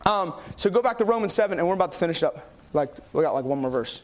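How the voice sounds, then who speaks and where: Young man, preacher, high-pitched voice, excitable rambling sermon, lots of fillers. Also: fast talker.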